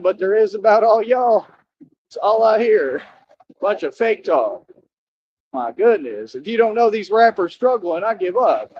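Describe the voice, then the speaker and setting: A man's voice: sits high, very animated, measured pace, darkish tone, a little hiss or hum. Boastful man ranting on a lo-fi stream. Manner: boastful, defiant, repeats himself; talks straight to his viewers, scolding them. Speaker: livestreamer. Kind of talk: rambling livestream monologue. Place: outdoors near a highway.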